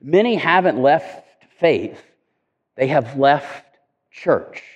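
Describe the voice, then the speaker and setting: A man's voice: a little high, expressive, slow, husky, lo-fi sound. A man preaching a sermon in a conversational way, often repeating words as he goes. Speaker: pastor. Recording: echoey hall reverb.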